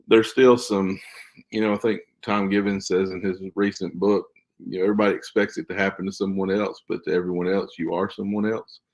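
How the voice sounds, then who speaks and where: A man with a fairly low voice speaks as a guest on a casual podcast. He explains his views in an earnest, emphatic way, like someone who trains school staff.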